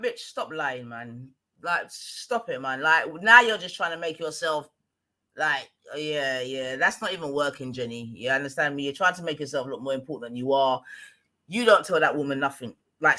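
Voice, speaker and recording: Scornful London man ranting on a livestream. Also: on the high side. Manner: scornful, loud, swearing. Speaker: livestream host. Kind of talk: heated livestream rant.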